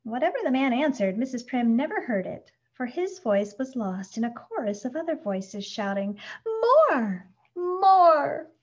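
A woman narrating a children's storybook in a gentle, expressive read-aloud. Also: a little high, moderate pace, hardly any pauses. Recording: dull lo-fi recording.

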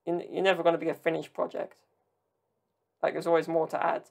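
Gravelly rambling podcast host from Southern Italy. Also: medium pitch, level tone, a little fast, a little mellow. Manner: rambling, drifts into tangents; chatty, jokey asides. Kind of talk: casual solo podcast chat.

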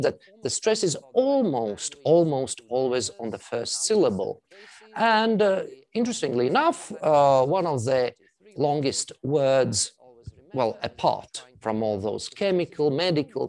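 A man with a Latvian accent, a native Latvian speaker, gives an introductory university language lecture. He explains patiently, repeats phrases slowly for learners and keeps checking in with a questioning "yeah?". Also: on the high side, creaky.

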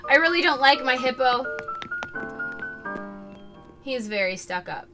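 A woman with a high-sitting voice streams a video game with music playing in the background. Chatty and casual, she often bursts into thrilled squeals and giggles.

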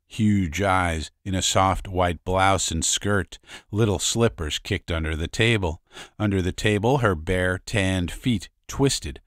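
Male audiobook narrator, low voice, slow measured reading, lively pitch, dry close sound. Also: no echo.

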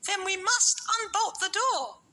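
A woman's voice: very high-pitched, lively intonation, measured pace, sharp tone, full character voice. A woman voicing a group of eager, trusting little goat kids in a storybook reading.

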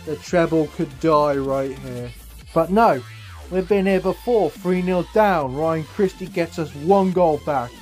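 A young man giving live commentary over his own football video game, swinging between gloomy mutters and excited yells at chances. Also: fairly high pitch, unhurried, soft background music. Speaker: gaming YouTuber.

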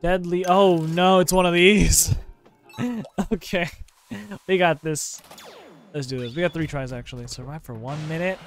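Higher-voiced young dude yelling and laughing over a game, music faintly under. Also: male voice, a little slow, pauses often. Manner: excitable, swears and laughs a lot. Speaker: gaming YouTuber. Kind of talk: let's play commentary.

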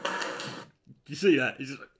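A man's voice: medium pitch, brisk, a bit bright. A man giving sweary, sarcastic reaction commentary on a video he mocks. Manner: sarcastic, swearing, mocking mimicry.

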